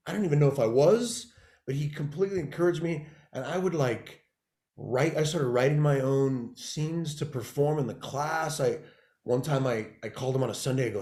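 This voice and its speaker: A man's voice: on the high side, normal speed. A middle-aged man from California, a guest telling stories in a casual interview and acting out the people he quotes. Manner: animated storyteller who acts out quoted people. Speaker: guest, TV showrunner and actor. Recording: roomy echoey room sound.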